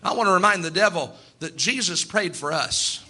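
A man's voice: high voice, animated, normal speed, sharp tone, breathy edge. A man preaching a sermon, telling Bible stories and acting out the characters' voices, building up with emphatic repetition. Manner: storytelling, acts out Bible characters in quoted voices.

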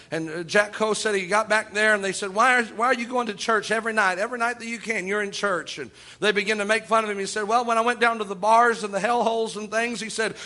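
High, bright-voiced preacher man. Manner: folksy storytelling preacher, chuckling, repeats "oh my". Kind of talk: sermon.

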